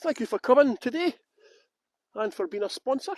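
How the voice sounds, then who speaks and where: A Scottish man with a high, bright-pitched voice, chatting away in a loose, rambling, self-mocking manner. He is a tour guide greeting his viewers one by one while outdoors in a garden. The sound is close and dry, with no room echo. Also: lively intonation, moderate pace. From Scotland. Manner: rambling, self-mocking banter, laughs often. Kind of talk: chatty live-stream greetings before a tour.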